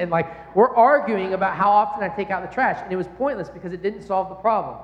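A young adult man preaching a sermon in a lively, conversational way, with rhetorical questions to the crowd. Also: high voice, quick pace, few pauses, highs cut off. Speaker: pastor. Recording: echoey hall.

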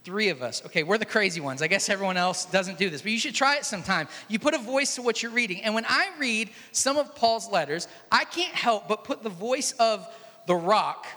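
High, bright-voiced male pastor in an echoey hall. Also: animated, fairly quick. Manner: conversational, storytelling, jokes with the congregation. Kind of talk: sermon. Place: large church hall.

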